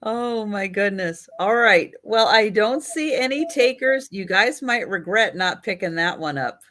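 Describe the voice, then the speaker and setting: A woman's voice: mid-range voice, animated, measured pace, fairly bright tone. A woman co-hosting a live vintage sale, chatting casually about old films and suits. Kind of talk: casual live-stream chat.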